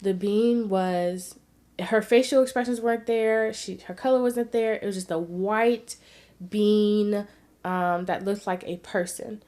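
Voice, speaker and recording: A woman vlogger sharing a personal story in an earnest, heartfelt way. She moves between hushed and emphatic. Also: mid-range voice, steady tone, a little slow.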